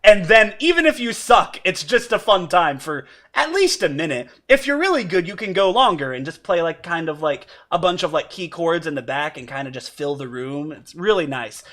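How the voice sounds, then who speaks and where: A man chats through a game stream in a high, animated voice, rambling and joking as he goes. His tone is bright and lively. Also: normal speed, hardly any pauses. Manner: chatty, rambling, laughs often. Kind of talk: casual gameplay commentary.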